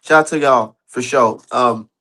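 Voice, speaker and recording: A man's voice: mid-range voice, measured pace, sharp tone. A man hosting a casual boxing talk stream, emphatic and profane, voice jumping up when he gets heated. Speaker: streamer host.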